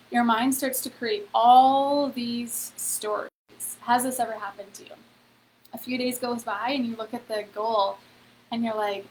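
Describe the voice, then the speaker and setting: A woman's voice: on the high side, fairly even intonation, unhurried, a little mellow, a little hiss or hum, rough recording. Chatty woman hosting a live stream. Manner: chatty, heavy on "like" and "okay?", addresses viewers directly. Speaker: host of a free online event. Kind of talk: casual live-stream motivational talk.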